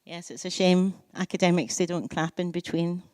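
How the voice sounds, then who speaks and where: A Scottish woman in her sixties, a poet giving a public lecture, telling lively, self-mocking stories and savouring lists. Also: fairly low pitch, normal speed, no echo. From Scotland. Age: 60s. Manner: lively storytelling, self-mocking asides, lists delivered with relish. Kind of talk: public lecture with anecdotes and readings.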